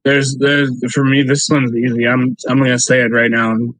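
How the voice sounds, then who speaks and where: Young male co-host, casual, rambling, lots of "um"s, breaks into laughs; mid pitch, dry close sound. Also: little pitch movement, normal speed, a bit bright, no echo, poor audio. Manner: rambling, filler-heavy, laughs mid-sentence. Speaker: podcast co-host. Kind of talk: casual chat. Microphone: remote call with an earpiece.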